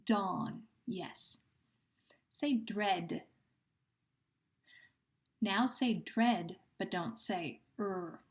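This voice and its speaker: A woman teacher leading young children through a phonemic awareness lesson, running patient sound drills and praising each answer. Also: medium pitch. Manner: slow, patient drills with pauses and gentle praise.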